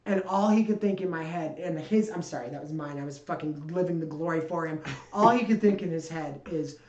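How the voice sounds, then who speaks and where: Podcast co-host, woman with a lower voice, profane and animated, roomy echo. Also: fairly quick, highs cut off, a little hiss or hum. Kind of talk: casual chat. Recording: echoey room.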